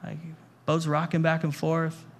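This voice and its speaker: A pastor's voice, on the high side, stays completely flat at a measured pace. Addressing the congregation in a church hall, he preaches in a conversational style, repeating words and asking the listeners questions.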